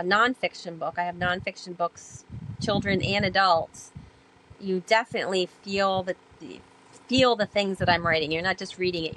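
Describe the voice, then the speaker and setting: A woman guest on a podcast telling her stories in a chatty way, with many fillers, and growing animated when she acts out past talk. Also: fairly low pitch, slight background noise, rough recording. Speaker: podcast guest, sailor and author. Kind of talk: casual storytelling interview.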